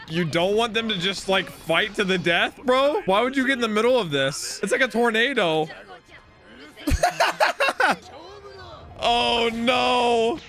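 Excitable man reacting loudly to anime. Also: a little high. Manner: excitable, laughs often, shouts at the screen. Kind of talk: casual reaction commentary.

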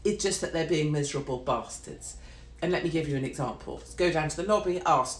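A woman's voice: sits low, fast talker, slight background noise. Profane, ranting woman host. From Britain. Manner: blunt, profane and mocking. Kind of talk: ranting monologue. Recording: echoey room.

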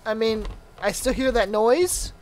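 A woman's voice: fairly high pitch, measured pace, darkish tone, rough recording. A young woman casually commenting on her own gameplay, chatty and playful, laughing often and yelping when hit. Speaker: gaming channel host.

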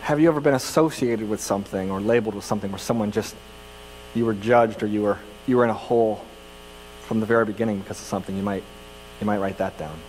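A man's voice: lowish voice, fast talker, a little mellow, in a large hall, a little hiss or hum, poor audio. A man from California preaching a sermon as pastor, telling personal stories in a conversational, self-deprecating way with frequent restarts. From California, United States.

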